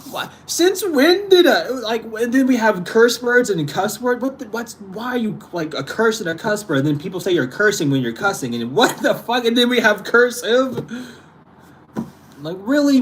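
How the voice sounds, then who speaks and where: Young male host, profane casual rant, lively swooping voice, slightly high. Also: slight background noise. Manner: exasperated, profane, laughing often. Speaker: spiritual channel host. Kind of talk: casual ranting monologue.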